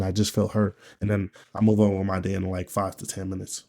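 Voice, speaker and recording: A man from Nigeria talking candidly in a personal video diary, with a low, subdued and profane, rambling delivery. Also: completely flat delivery, a little fast, few pauses, a little mellow. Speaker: vlogger.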